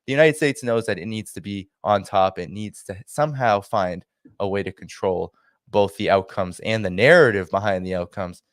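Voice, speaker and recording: A male guest on a livestream talks through geopolitics in a forceful, argumentative way. His voice sits low. The sound is close and dry. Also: moderate pace, no echo. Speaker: guest commentator. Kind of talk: political commentary on a livestream.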